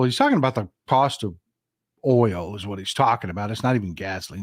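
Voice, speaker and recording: A man's voice: fairly low pitch, fairly quick, no room sound, studio quality. A man with a Southern American accent hosting a casual political live stream, talking in a folksy, emphatic way and answering his chat.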